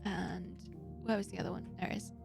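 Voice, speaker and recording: Female streamer, chatty and direct with viewers, voice with a fry edge. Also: lowish voice, steady tone, brisk, music in the background. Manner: chatty, talks straight to viewers. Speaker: live streamer. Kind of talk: casual gaming stream chat.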